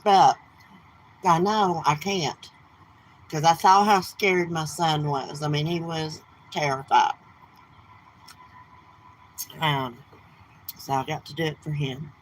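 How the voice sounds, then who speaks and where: A woman's voice: low voice, steady tone, takes it slowly, long pauses, slight background noise, poor audio. Blunt, gossipy woman live streaming. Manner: blunt, gossipy, cussing, Southern turns of speech. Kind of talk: casual live stream chat. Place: outdoors near her home.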